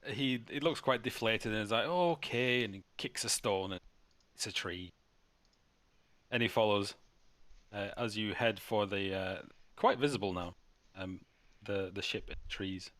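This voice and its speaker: A man's voice: fairly low pitch, moderate pace, long pauses, a bit bright, no room sound. A man narrating as game master in a tabletop game, playful and teasing, with frequent restarts.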